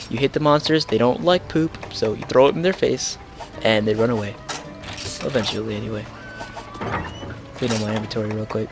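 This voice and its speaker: A young man hosting a casual gameplay explainer, rambling with many fillers and jokes, over game music. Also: mid-range voice. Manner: rambling, filler-heavy, jokey. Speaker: gaming channel host.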